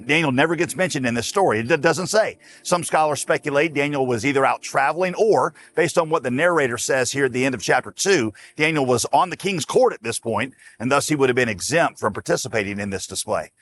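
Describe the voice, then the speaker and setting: A man's voice: medium pitch, a little fast, hardly any pauses, a bit bright. A man preaching a sermon as a pastor, folksy and emphatic, speaking straight to his listeners.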